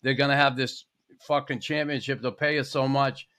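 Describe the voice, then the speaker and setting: A man's voice: mid-range voice, steady tone, moderate pace, fairly bright tone. A man hosting a podcast, a retired hockey player reacting to a guest with swearing and laughter. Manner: laughing, short reactions, profane. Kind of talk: casual chat.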